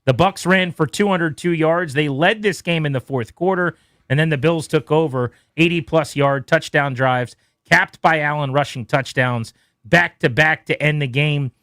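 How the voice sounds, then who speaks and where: A man hosting a sports radio show, rattling off quick game recaps with playful asides. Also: a little high, a bit bright, no echo, studio quality. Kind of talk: brisk scores recap.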